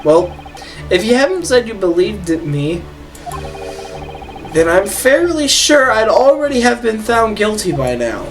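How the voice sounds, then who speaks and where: A man's voice: high voice, big pitch swings, measured pace, pauses often, pitched above the performer's own voice, exaggerated voice. A man reading aloud the lines of an earnest young defendant in a game, in his own voice. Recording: distant mic with game music behind.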